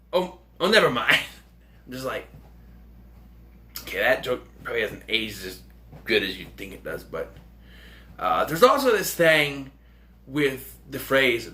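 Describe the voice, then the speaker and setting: Lively, bright-voiced male movie reviewer. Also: mid-range voice, a little slow, pauses often. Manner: rambling, heavy fillers, chuckling asides. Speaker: movie reviewer, channel host. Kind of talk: casual video review.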